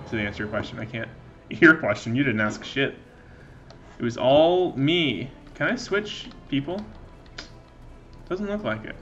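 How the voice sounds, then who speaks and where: A man's voice: medium pitch, sharp tone. A man giving loose, joking let's play commentary while he plays, often losing his train of thought. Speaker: gaming channel host.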